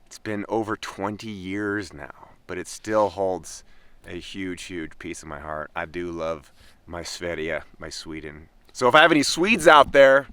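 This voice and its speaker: Bright, clear-voiced man. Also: sits low, measured pace. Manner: animated, storytelling, laughs often. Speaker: travel vlogger. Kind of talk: casual vlog monologue. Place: tent in the wilderness.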